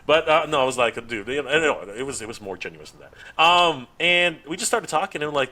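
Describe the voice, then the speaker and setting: A man's voice: on the high side, fast talker. A man on a podcast, chatting casually and telling a story, acting out the dialogue with frequent laughs and restarts. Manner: animated, acts out quoted dialogue, laughs often, frequent restarts. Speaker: podcast guest, toy YouTuber.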